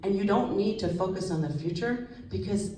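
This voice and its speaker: A woman psychologist giving a lively, conversational stage talk to an audience, asking them questions as she goes. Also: medium pitch, a little fast, slight background noise. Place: large hall with audience. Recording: echoey hall, voice slightly distant.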